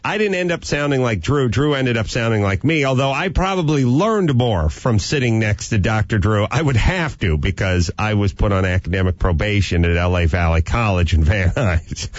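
A male podcast host who rants and riffs through comic stories, his pitch leaping all over the place. The sound is dry and close, with a slightly dull, lo-fi tone. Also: no room sound. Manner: animated, ranting storyteller. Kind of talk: casual comedic rant.

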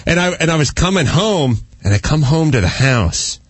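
A man's voice: a little high, big pitch swings, normal speed, breathy edge, dry recording. A man hosting a comedy radio show, telling stories theatrically and acting out scenes.

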